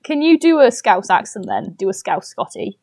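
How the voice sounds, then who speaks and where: A woman with a Midlands accent co-hosting a casual podcast chat, excitable and egging the others on. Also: mid-range voice, moderate pace, dry recording, clean studio sound. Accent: Midlands English. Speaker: podcast co-host.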